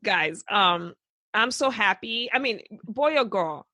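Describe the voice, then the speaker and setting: Bubbly woman host of a chat podcast, mid-pitched, dry close sound, gushing and laughing. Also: slow pace, no room sound. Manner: excitable and effusive, laughing often. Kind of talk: casual chat.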